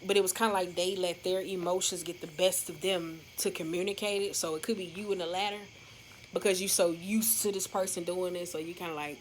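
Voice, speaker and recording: A woman tarot reader talks to her viewers in a loose, rambling flow and swears casually. Her voice sits a little low for a woman. A steady noise hisses under the recording. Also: brisk, low-quality recording. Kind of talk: casual monthly love reading.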